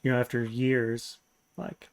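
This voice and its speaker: A man hosting a podcast, relaxed and casual, laughing often and trailing off mid-thought. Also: medium pitch, unhurried, clean tone. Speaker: podcast host. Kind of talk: casual chat.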